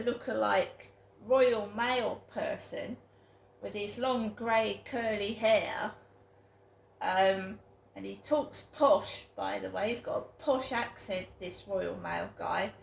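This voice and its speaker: A woman's voice: on the high side, creaky. A British woman vlogging to camera in a rambling, aggrieved way, repeating herself for emphasis. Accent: British English. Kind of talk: casual vlog monologue. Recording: echoey room with faint ambient noise.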